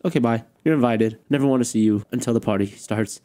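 A man's voice: medium pitch, quick pace, dark tone. A young man commentating his gameplay in a playful, self-mocking way, exclaiming and laughing as he goes. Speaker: gaming YouTuber. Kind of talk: let's play commentary.

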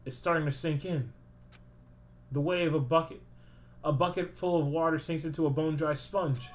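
A young man playing a video game, reading the dialogue aloud and reacting with swearing and sudden loud outbursts. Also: a little high, moderate pace, a little hiss or hum. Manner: swears a lot, swings from mumbling to loud excited outbursts. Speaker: let's play gamer. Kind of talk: let's play commentary reading dialogue aloud.

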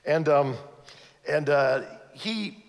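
A man who grew up in Ivory Coast, preaching a sermon with animated storytelling and questions to the audience. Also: a little high, very slow, creaky. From Ivory Coast, West Africa. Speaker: guest preacher. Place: church sanctuary. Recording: long church reverb.

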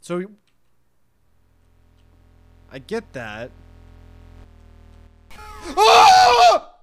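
A woman's voice: lowish voice, sing-song, unhurried, over loud music. A woman streamer reacting to a horror game, jumpy, shrieking and swearing at every scare. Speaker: gaming streamer.

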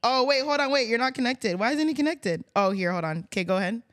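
A woman hosting a podcast in casual chat, talkative and quick to laugh. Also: a little high, expressive, dry recording, clean studio sound. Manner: chatty, laughs often, easily distracted. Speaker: main podcast host. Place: podcast studio.

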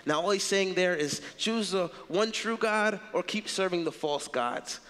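High-voiced man preaching in a hall. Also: normal speed, few pauses, a bit bright. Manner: earnest, emphatic, conversational. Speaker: pastor. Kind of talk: sermon. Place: church sanctuary. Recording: reverberant church hall.

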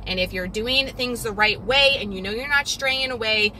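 Resting in a massage chair and still catching her breath after a workout, a young fitness vlogger chats casually to the camera. Her voice is a little high and moderately paced, chatty and animated, with lots of fillers like "like" and slight background noise.

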